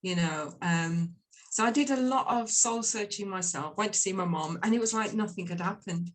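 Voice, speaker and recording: A woman's voice: mid-range voice, moderate pace. A middle-aged woman, candidly telling her life story in a casual chat and slipping into Punjabi phrases when quoting her mother. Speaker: guest volunteer.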